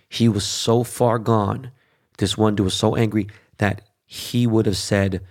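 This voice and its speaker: A man's voice: fairly low pitch, takes it slowly. Profane, ranting man host. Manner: profane, heated ranting with many fillers and restarts. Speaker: show host. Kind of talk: casual monologue.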